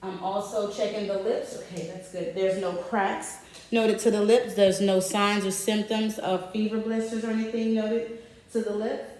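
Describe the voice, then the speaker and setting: A woman speaks at a middling pitch as she steps through a clinical exam and calmly reads out each finding. She gives short, polite instructions to the patient. Her voice bounces around a very echoey room and is picked up from a distance. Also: normal speed. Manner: methodical, calm, narrating findings aloud while instructing the patient. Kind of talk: narrated physical assessment demonstration.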